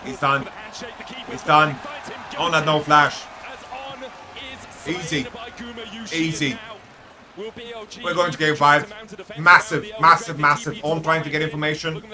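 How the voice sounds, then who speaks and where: A man streaming live reaction commentary on an esports final, calling plays in rapid, excitable bursts. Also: on the high side. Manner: rapid, excitable play-by-play that breaks into shouts. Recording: loud arena crowd from the broadcast. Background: match broadcast with casters and cheering crowd.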